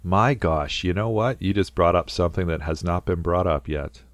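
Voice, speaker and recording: A man's voice: low voice, normal speed, no echo. A man co-hosting a casual podcast, talking through a film scene and acting out quotes in goofy voices. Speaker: podcast co-host.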